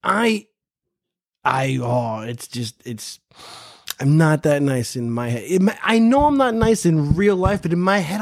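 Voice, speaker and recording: A man's voice: fairly high pitch, animated, a little slow, gravelly. A man hosting a podcast, telling a casual, profane story and repeating phrases for emphasis. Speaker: podcast host.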